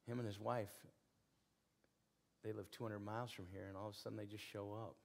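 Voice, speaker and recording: Preaching in a deep, gravelly voice with a touch of huskiness, this pastor keeps a brisk pace and a flat delivery. His sermon unfolds as earnest, conversational storytelling, with repeated phrases for emphasis.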